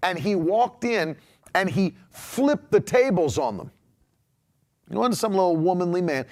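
Male preacher on a livestream, real animated, kinda high voice, stretches words for emphasis. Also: measured pace. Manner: emphatic, drawing out key words, laughing asides. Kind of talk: livestream sermon reading comments.

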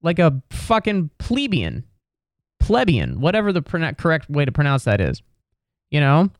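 A man's voice: a little high, expressive, a little fast, no echo, clean studio sound. A man telling a rambling, exasperated comedic story in a casual, profane rant.

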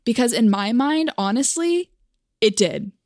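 A woman's voice: a little high, animated, measured pace, a little mellow, no room sound, clean studio sound. A young woman from Oklahoma telling a personal story for a vlog in a wry, self-mocking, chatty way.

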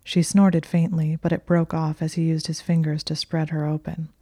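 Fields: Sex: woman. Role: narrator. Style: whispered story narration. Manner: slow, hushed, even. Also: low-pitched, no echo, clean studio sound.

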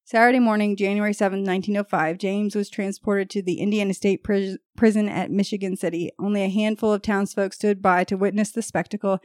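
A woman's voice: medium pitch, fairly even intonation, a little fast, few pauses, a little mellow, no room sound, clean studio sound. Woman reading a true crime case aloud. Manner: reads case details, breaks off to joke and laugh. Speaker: podcast host telling a true crime story. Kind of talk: casual true crime storytelling with banter.

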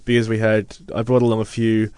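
A lower-voiced man co-hosting a laid-back podcast, ribbing his partner with dry sarcasm. He sounds close and dry, with no room echo. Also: completely flat delivery, a little fast, a little mellow, clean tone. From Australia. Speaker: podcast co-host. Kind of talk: casual chat.

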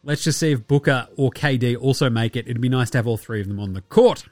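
A young Australian man talks basketball on his casual podcast at a quick pace, his medium-pitched voice darkish in tone. He's sarcastic and swears freely, often doing mocking impressions of his subjects. The recording is clean studio sound without echo, with faint music behind him.

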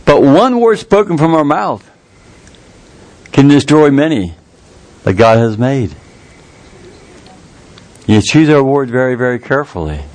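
A man preaching a sermon in a folksy, earnest way, jumping up in pitch to stress a point. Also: sing-song, darkish tone. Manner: folksy, earnest, with quick rises in pitch for emphasis.

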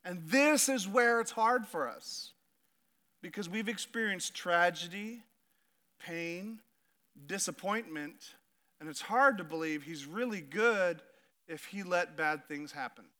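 A male pastor preaching a sermon, telling stories with animation and slowing down to stress his points. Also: sits high. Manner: storytelling, animated, builds to emphatic slow points. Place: church stage.

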